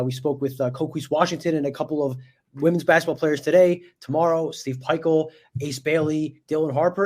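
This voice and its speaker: A man co-hosting a casual sports podcast from a hotel room, easygoing and quick to laugh. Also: a little high, a little mellow. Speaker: sports reporter and co-host.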